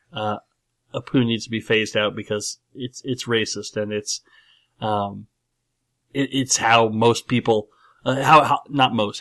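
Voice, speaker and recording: A man's voice: mid-range voice, fairly bright tone. A man hosting a podcast, talking about a film in a rambling, emphatic way with many fillers and restarts. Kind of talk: casual movie discussion.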